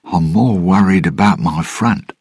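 A sly, jittery pirate captain who puts on a bright, cheerful front, as a low-voiced man lifts his voice for him. He speaks up louder and higher than the telling around him, half-cheery and half-scheming. The reading is close and dry. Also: husky, no echo, full character voice. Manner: quick, cheerful, trying to sound happy.

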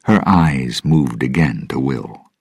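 Man narrator, very deep voice, husky, slow measured storybook reading. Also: lively intonation, no room sound, clean studio sound.

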